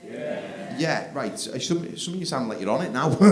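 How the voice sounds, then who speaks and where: A man performs stand-up comedy, his fairly high voice rising and falling in lively swings as he tells stories. The sound rings through an echoey theatre, with loud crowd noise behind it. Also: slow pace. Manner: conversational, animated storytelling. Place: theatre stage.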